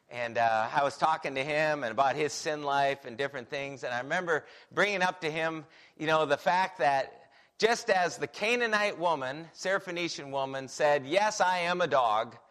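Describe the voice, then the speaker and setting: A man preaching a sermon on a Bible passage, animated and full of rhetorical questions. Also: a little high.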